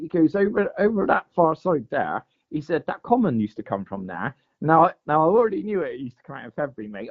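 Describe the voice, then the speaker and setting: A chatty man in his thirties tells a rambling story, his voice bouncing up and down with lively energy and sitting a touch high for a man. The recording is dull and lo-fi. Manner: chatty, says "mate" and "like" constantly. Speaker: guest angler telling a fishing story. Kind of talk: casual storytelling. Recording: dull lo-fi sound.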